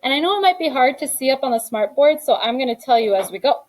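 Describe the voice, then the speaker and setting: A woman's voice: sits high, lively intonation, fast, low-quality recording. Woman teacher going over answers. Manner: reads each item aloud then explains the answer. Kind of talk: classroom grammar lesson. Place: classroom.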